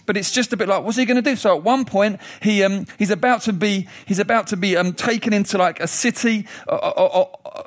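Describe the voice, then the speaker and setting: A high-pitched man preaches a sermon, his voice climbing even higher when he asks questions. He retells a story in an animated way, restarting sentences as he thinks aloud. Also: a little fast, few pauses.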